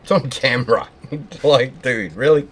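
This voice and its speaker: A man's voice: mid-range voice, moderate pace, slight background noise. A man, hosting a fluid art video and trading jokes and teasing banter with a friend while painting. He is hot and tired, and laughs often. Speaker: fluid art channel host.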